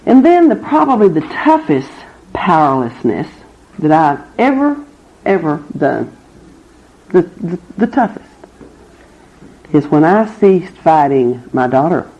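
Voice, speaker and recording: A woman's voice: big pitch swings, takes it slowly, pauses often, mellow. A middle-aged woman, speaking at a recovery meeting, candid and wry as she tells her own story. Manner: candid, wry, with laughs through hard memories. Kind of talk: personal testimony talk. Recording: muffled low-fidelity recording.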